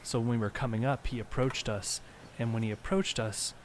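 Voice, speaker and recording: A man's voice: medium pitch, fairly even intonation, brisk, slight background noise. A young man co-hosting a podcast, telling a story in an earnest, rambling way with plenty of ums. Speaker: podcast co-host. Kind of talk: casual storytelling.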